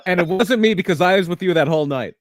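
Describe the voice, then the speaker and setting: A fairly high-voiced man rambles through wrestling history on a podcast, circling back and restarting his sentences as he goes. His voice is close and dry, with no room around it. He laughs often between stories. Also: animated, fast talker, no echo. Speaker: podcast co-host. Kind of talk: casual wrestling chat.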